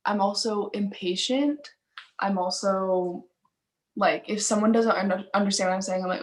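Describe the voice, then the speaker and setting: An eighteen-year-old woman speaks in a soft, quiet voice on a talk show. She hesitates, uses lots of fillers and stops to find her words, in a casual family chat. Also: medium pitch, normal speed. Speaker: guest, singer.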